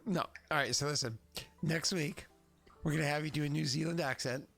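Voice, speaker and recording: A man's voice: fairly high pitch, a little fast, vocal fry, a bit bright, soft background music. A man acting as game master on a streamed tabletop game, rambling and playful with many fillers.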